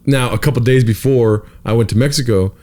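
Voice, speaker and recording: A man's voice: medium pitch, fairly quick, dark tone. Casual young man rambling through a story. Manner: rambling storyteller, swears a lot, says "dude". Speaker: podcast host. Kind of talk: casual comedic podcast chat.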